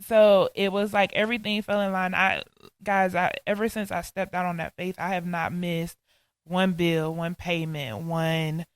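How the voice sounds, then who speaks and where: A woman's voice: fairly low pitch, level tone, unhurried, no room sound. A woman from Georgia, co-hosting a podcast and telling an earnest, heartfelt faith testimony. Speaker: podcast co-host.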